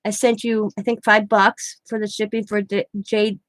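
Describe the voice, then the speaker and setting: A woman's voice: medium pitch, level tone, normal speed, no room sound. A middle-aged woman hosting a craft livestream, chatting casually and rambling through anecdotes while she works. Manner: rambling anecdotes, quoting others in her own voice. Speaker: craft channel host.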